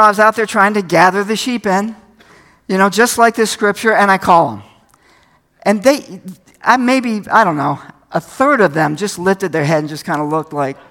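High-voiced older man preaching folksily. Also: pushed and bright. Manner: folksy, conversational preaching with anecdotes. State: a little tired. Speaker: pastor. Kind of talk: sermon.

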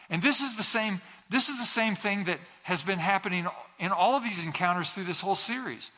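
A man's voice: sits high, brisk, few pauses, pushed and bright. A man preaching a sermon as a pastor, earnest and repeating key phrases for emphasis, sometimes acting out quoted voices. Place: church sanctuary. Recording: long hall reverb.

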